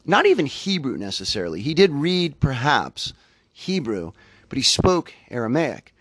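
A man's voice: medium pitch, wildly swooping pitch, moderate pace, a bit bright, no room sound. A man hosting a spiritual podcast, talking in a thoughtful, conversational way and often correcting himself as he goes. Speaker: podcast host. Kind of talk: reflective spiritual podcast talk.

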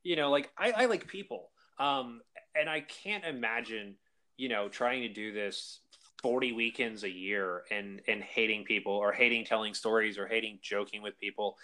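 A man's voice: fairly low pitch, normal speed, sharp tone. A man, a convention organizer, chatting enthusiastically in a podcast interview with lots of fillers. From South Carolina. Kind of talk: casual interview chat.

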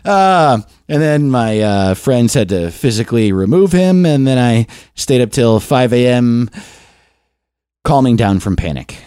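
A man's voice: mid-range voice, measured pace, clean tone, no room sound, studio quality. A young man hosting a comedy podcast, telling a story in a casual chat and acting out the voices in it. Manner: animated, acts out voices in his stories. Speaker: podcast host.

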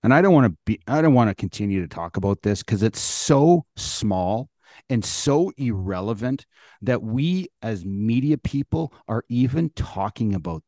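A man's voice: on the low side, darkish tone, dry recording, clean studio sound. A man co-hosting a sports podcast, ranting bluntly and emphatically with plenty of swearing. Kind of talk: casual sports talk.

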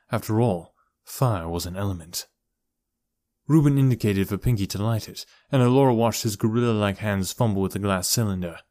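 A man's voice: on the low side, a little mellow, no echo. Male audiobook narrator, dry close sound. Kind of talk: scripted narration.

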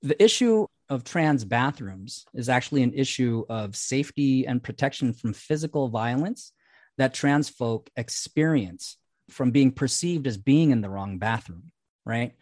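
Podcast guy talking through his take on listener mail, steady middle voice, dry close mic. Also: medium pitch, measured pace, no room sound. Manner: reads listener mail aloud, then explains his view at length. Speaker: podcast co-host. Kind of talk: casual podcast chat.

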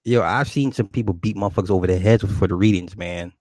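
A man hosting a livestream, answering viewers' questions in a loose, profane, rambling way and jumping up in pitch when he greets people. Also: quick pace, darkish tone, no room sound. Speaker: livestream host reading chat. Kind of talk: casual livestream chat.

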